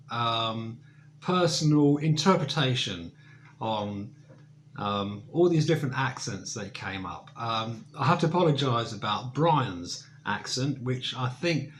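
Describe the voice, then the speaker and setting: A man's voice: medium pitch, slight background noise. A man reciting a comic verse monologue as a birthday tribute, with hesitant asides in between.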